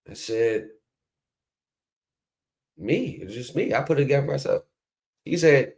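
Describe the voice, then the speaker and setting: Man, host, casual commentary, animated storyteller, voice rises and falls a lot, middle pitch. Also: normal speed, pauses often. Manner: animated storytelling, acts out quoted people.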